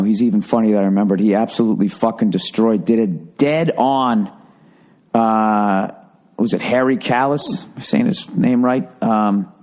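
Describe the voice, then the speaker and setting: A man from the Boston area hosting a podcast, telling a rambling, profane story that jumps into high-pitched bursts for emphasis. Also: dark tone. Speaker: podcast host. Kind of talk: casual storytelling monologue.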